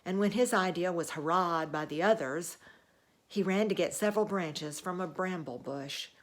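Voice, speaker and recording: A woman telling the tale of a sober Roman centurion. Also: low-pitched. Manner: earnest, measured storytelling. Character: Roman centurion, a grown man, sober commanding officer. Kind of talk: first-person dramatic monologue.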